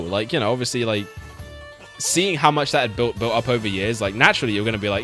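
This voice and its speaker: A man's voice: medium pitch, expressive, a little fast, fairly bright tone, soft background music. Laid-back young man, streamer chat. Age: young adult. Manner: laid-back, swears, laughs often, repeats words. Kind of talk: casual stream commentary.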